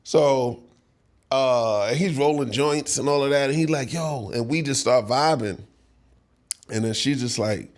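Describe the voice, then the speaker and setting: A middle-aged man tells a story in a casual interview. His pitch sits in the middle range, and he laughs often and acts out what other people said. He talks loose and easy, like he is reliving the moment. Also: a little slow. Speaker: songwriter guest.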